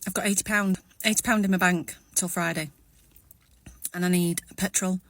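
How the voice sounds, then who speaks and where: An English woman in her forties, musing aloud in a personal vlog. She talks in a rambling, reflective way and keeps steadying herself. Her voice sits a little low. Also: steady tone, moderate pace, fairly bright tone.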